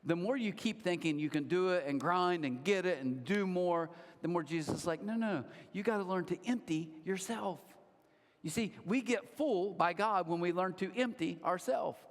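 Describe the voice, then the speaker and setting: A man with a fairly high voice preaches a sermon in a casual, storytelling way, throwing in lively asides. His voice carries a long reverb from a large church auditorium. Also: normal speed, few pauses. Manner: conversational storytelling, animated asides. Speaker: pastor.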